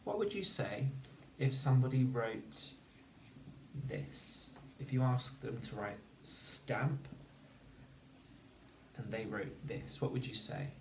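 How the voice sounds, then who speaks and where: Slow, deliberate man teaching phonics. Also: medium pitch, animated, slight background noise. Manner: slow, deliberate, sounding out words. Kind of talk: recorded spelling lesson. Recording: echoey room, mic at a distance.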